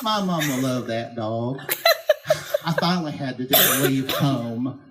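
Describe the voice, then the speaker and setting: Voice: medium pitch, expressive, measured pace, close to an everyday voice. A performer playing a chatty, folksy church lady, a woman who rambles through stories and laughs through her lines at a live karaoke night. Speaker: stand-up comic character. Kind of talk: live stand-up storytelling. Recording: loud background noise, clicking.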